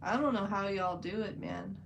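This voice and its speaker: A woman's voice: mid-range voice, moderate pace, vocal fry, noisy background. A woman chatting casually on a livestream while she paints, rambling with lots of "like" fillers. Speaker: livestream host.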